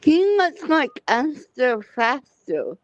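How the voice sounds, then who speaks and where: A woman with a high voice who talks slowly, dropping into a livestream to share gossip. The sound is dry and close. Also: sing-song, no room sound, dull audio. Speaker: drop-in guest. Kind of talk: gossipy casual chat.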